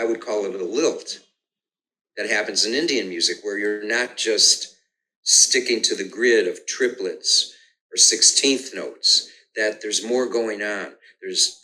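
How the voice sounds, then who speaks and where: Bright-voiced older man explaining music. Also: on the low side, poor audio. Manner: hums and sings rhythms aloud to explain, frequent restarts. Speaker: guest musician. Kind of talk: relaxed conversational storytelling.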